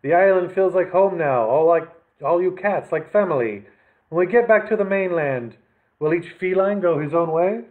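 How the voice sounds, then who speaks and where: A proud Persian cat lady speaks gently and earnestly in a storybook, as a man reads her lines. Her voice sits somewhat high. The sound is thin and phone-like. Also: normal speed, close to an everyday voice. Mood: tender.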